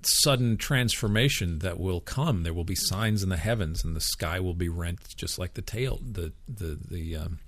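Low-voiced reflective man, dry sound. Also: normal speed, few pauses, dry recording. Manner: reflective, repeats words while thinking aloud. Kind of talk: casual book discussion.

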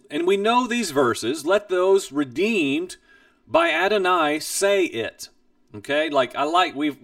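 Male Bible teacher, earnest and emphatic, gravelly high voice, dry distant sound. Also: a bit bright, dry recording. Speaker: Bible teacher and program host. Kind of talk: personal testimony teaching.

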